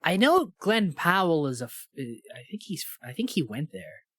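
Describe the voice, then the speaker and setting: A man's voice: on the high side, sing-song, moderate pace, a bit bright, slightly rough, no echo, studio quality. A man co-hosting a podcast, chatting casually and sarcastically about a movie. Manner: sarcastic, mocks characters in put-on voices. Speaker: podcast co-host. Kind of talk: casual chat.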